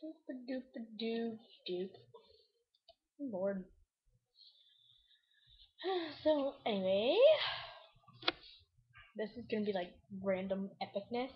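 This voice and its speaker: A young woman rambling through a silly, random vlog with a goofy manner. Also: mid-range voice. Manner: goofy, rambling, jumps into silly bits and shrieks. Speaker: vlogger. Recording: dull lo-fi webcam audio.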